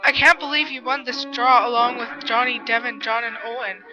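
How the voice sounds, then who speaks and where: A woman voicing a bossy, sharp-tongued teenage girl in a read-aloud story. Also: a little high, fairly even intonation, normal speed, lightly acted. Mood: disbelieving. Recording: muffled lo-fi with music behind.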